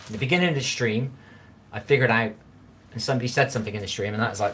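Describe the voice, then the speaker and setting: Male streamer, mid-pitched, loose and rambling, talking to chat from his kitchen, faint background hiss. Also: fast talker, a bit bright. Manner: rambling, chatty, repeats himself, talks straight to viewers. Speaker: livestream host reading chat. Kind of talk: casual live-stream chat while cooking.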